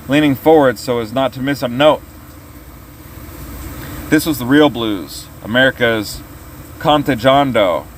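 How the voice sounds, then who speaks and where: A man's voice: medium pitch, a little hiss or hum, low-quality recording. Man reading a story aloud. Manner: steady storytelling delivery. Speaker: narrator.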